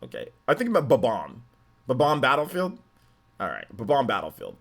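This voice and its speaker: A man with a deep voice, hosting a gaming livestream in a laid-back, slangy, rambling way. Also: wildly swooping pitch, brisk, creaky. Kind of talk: casual livestream chat.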